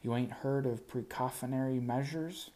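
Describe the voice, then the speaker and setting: A man voicing a tiny, boastful female doll who talks of herself by name in a high, squeaky voice. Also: steady tone, normal speed, dark tone, lightly acted. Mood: bossy.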